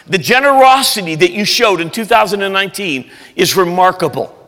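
Pastor guy preaching, fairly high voice, emphatic then soft, big church room. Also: lively intonation, fairly quick. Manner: earnest, emphatic, drops to soft intensity. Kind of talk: sermon. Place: large church sanctuary. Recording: echoey church hall.

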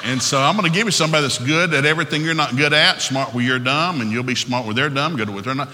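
A man in his sixties with a Southern US accent, preaching a joking, folksy sermon quickly in a large church hall. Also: medium pitch, noisy background. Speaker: pastor. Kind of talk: humorous sermon.

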